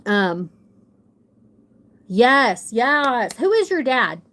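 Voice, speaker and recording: A woman's voice: a little high, big pitch swings, drawn-out words, a bit bright. A young adult woman telling a rambling, self-deprecating story in casual chat on a livestream, with a runny nose. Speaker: livestream guest.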